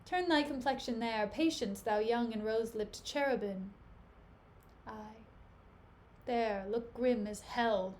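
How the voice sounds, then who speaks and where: A woman's voice: a little high, takes it slowly, darkish tone, a little hiss or hum. A woman reading the part of a jealous, anguished nobleman, declaiming his bitter lines. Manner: declaiming, bitter Shakespearean speech. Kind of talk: casual dramatic reading on a livestream.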